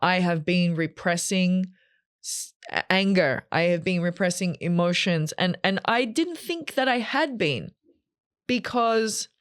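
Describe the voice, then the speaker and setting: A woman hosting a solo podcast from a green room, telling a personal story in a candid, rambling, emotional way with many fillers. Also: lowish voice. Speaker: podcast host.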